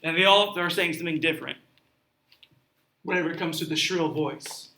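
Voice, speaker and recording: A man's voice: a little high, normal speed, sharp tone. A man reading a story aloud and explaining it in a chatty classroom way, often asking his listeners questions. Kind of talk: classroom read-aloud with commentary. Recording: roomy echo, mic at a distance.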